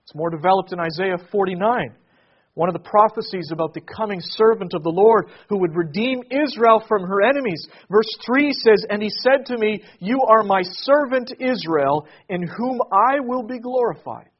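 A male pastor preaching a sermon to his congregation. He swells to emphatic peaks and then drops to a hush. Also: sits high, moderate pace, slightly rough, muffled recording.

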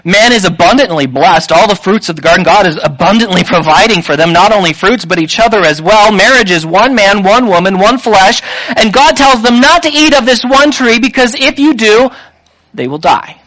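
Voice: mid-range voice, lively intonation, normal speed, a bit bright, poor audio. A preacher giving a sermon in an emphatic way, with rhetorical questions and repeated lists.

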